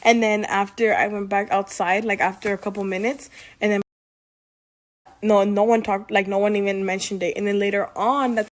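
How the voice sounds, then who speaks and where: A young woman vlogger tells a rambling anecdote, leaning heavily on "like" as a filler. Her voice is medium in pitch, delivered flatly at a normal speed.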